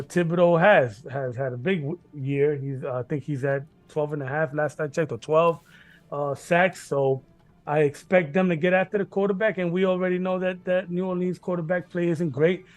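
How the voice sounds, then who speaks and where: A man's voice: fairly high pitch, fairly even intonation, normal speed, no room sound, soft background music. A man hosting a casual sports betting chat, rambling, repeating himself, laughing and swearing often. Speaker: sports betting podcast host.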